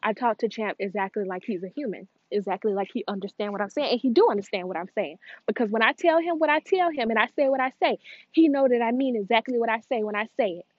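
Moving between her kitchen and the outdoors, a US cooking vlogger talks casually while making food, wandering between thoughts and stopping to coax her dog along. She speaks fast in a fairly high voice, recorded with no echo and a muffled sound.

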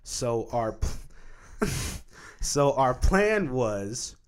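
A man's voice: mid-range voice, sing-song, very slow. Loose, swearing male storyteller. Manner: loose and profane, many likes and rights. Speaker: filmmaker guest. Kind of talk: casual comic storytelling.

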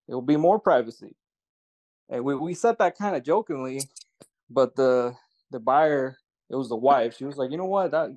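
A man's voice: mid-range voice, darkish tone, rough recording. Male land investor, casual rambling storyteller, mid-range voice, lots of restarts.

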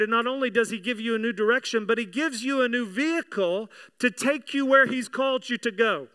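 High, bright-voiced male preacher. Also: clear, resonant tone. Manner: earnest, repeats words, asks the congregation questions. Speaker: pastor. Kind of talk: sermon.

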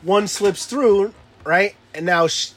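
A man in his thirties, a father, telling a story in profane casual chat and acting out his shouting kids and himself. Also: sits high, slow pace, a little hiss or hum. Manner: animated, acts out his kids and himself yelling.

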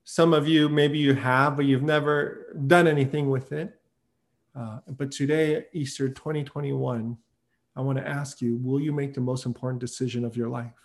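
A man's voice: medium pitch, steady tone, moderate pace, vocal fry. A man, a pastor, giving an earnest sermon that rises to emphatic peaks and tells stories with acted-out quotes.

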